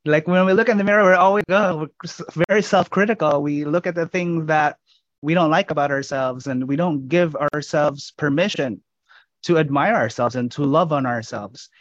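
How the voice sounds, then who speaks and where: A man's voice: a little high, moderate pace, dry recording, lo-fi sound. A man hosting a podcast, speaking earnestly and thoughtfully to his guest and listeners. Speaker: podcast host. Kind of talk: podcast interview.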